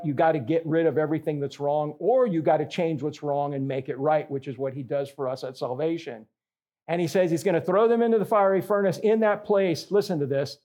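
Pastor, high-pitched man, emphatic conversational sermon. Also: mellow. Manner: emphatic, conversational preaching with rhetorical questions.

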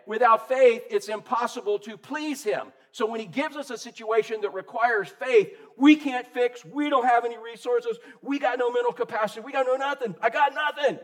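A man preaching a sermon as pastor, lively and conversational, asking his congregation questions. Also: high-pitched. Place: church.

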